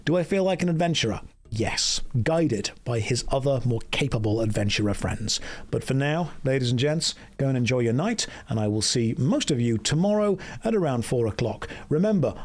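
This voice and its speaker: Man, game streamer, casual jokey rambling, reads game text aloud, faint music behind. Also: mid-range voice. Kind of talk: casual gameplay livestream chat.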